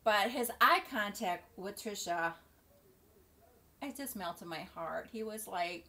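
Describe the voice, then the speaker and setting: A middle-aged woman vlogging casually, rambling and halting with many fillers and restarts. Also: mid-range voice, animated, pushed and bright. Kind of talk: casual opinion vlog. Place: at home near the beach.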